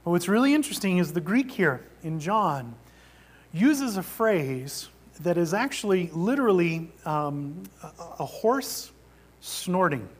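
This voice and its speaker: A male pastor preaching a sermon, shifting between animated emphasis and quiet, almost whispered passages. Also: sits high, measured pace, breathy edge. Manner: dynamic preaching, drops to near-whisper for emphasis.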